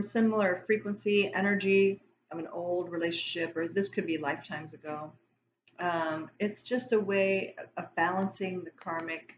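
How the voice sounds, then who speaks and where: A woman's voice: medium pitch, roomy sound, highs cut off, a little hiss or hum. A woman giving a casual spiritual tarot reading to camera, rambling and going off on tangents. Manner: rambling, warm-hearted, self-interrupting. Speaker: tarot reader.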